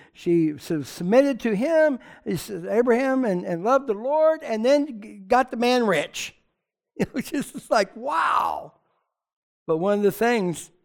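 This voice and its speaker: A man preaching a sermon to his church in a lively, conversational way, with chatty asides. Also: very high-pitched. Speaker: pastor.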